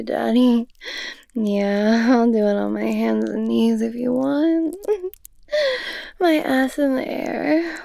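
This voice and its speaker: A woman playing a breathy, pleading young student. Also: high voice, warm tone, dry recording, studio quality, exaggerated voice. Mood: eager.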